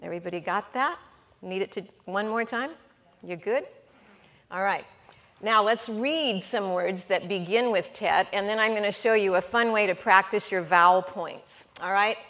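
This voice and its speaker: A woman teaching a class at a board, slow and patient, coaxing her students with questions. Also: mid-range voice, a bit bright. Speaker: Hebrew teacher. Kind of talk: classroom lesson at a whiteboard.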